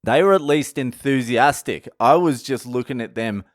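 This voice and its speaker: A man from Australia with an Australian accent, telling a story in a casual, sweary, animated vlog rant and laughing at himself. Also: medium pitch, normal speed, no echo, clean studio sound. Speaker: vlogger. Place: indoors, at home.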